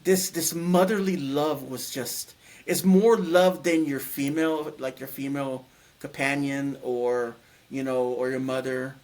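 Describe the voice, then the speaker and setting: A man recounting a personal experience as a guest, speaking in halting phrases and searching for words. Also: medium pitch, steady tone, a little mellow. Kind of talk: personal storytelling.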